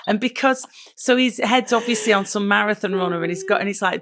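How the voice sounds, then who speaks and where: Middle-aged English woman, podcast co-host, gravelly low voice, jokey and chatty. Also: brisk, a bit bright. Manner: chatty, jokey storyteller, swears lightly. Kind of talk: casual chat.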